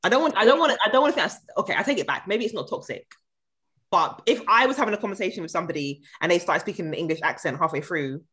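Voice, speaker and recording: A woman's voice: on the low side, expressive, racing, a bit bright. A woman in casual podcast chat, teasing and exclamatory with mock outrage.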